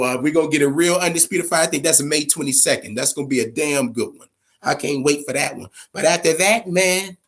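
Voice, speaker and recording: A man rambles through his boxing opinions in a loose, profane way, hammering his points home by saying them again. His voice sits a little higher than most men's. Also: a bit bright. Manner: profane, emphatic, repeats himself. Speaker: boxing podcast host. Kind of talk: casual opinionated commentary.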